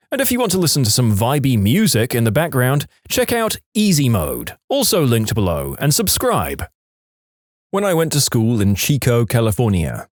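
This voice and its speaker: A male storyteller reads listener stories in a lively, swinging voice that rises and falls freely. The sound is dry and close, with no room around it. He slips into quick voices for the callers as the tales go. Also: medium pitch, no room sound. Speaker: story narrator. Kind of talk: reading reddit stories aloud.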